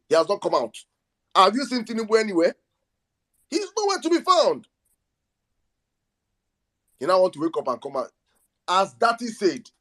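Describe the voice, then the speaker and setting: A Nigerian man hosting a live audio talk space, giving a fiery, mocking political speech with bits of pidgin. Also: fairly high pitch.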